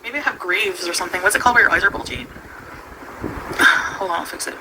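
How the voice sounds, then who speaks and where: A chatty woman hosts a relaxed livestream, drifting from thought to thought and laughing easily. Her voice sits at an ordinary middle pitch. The stream audio carries a clear layer of background noise. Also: fast, low-quality recording. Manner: chatty, giggly, trails off mid-sentence. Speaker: livestream host. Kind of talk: casual rambling chat.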